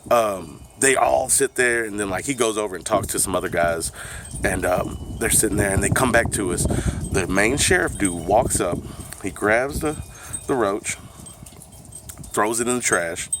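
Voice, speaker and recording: Laid-back, cursing male storyteller, lively pitch. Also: moderate pace, noisy background. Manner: laid-back, profane, laughs while telling. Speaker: vlogger. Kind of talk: casual storytime.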